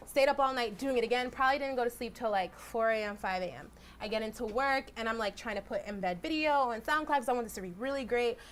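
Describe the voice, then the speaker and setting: A young woman, a journalist, telling stories in a casual, animated way and acting out quotes. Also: on the high side, quick pace, slight background noise. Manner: animated, acts out quotes with "I was like". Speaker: journalist guest speaker. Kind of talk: casual storytelling talk. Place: lecture hall.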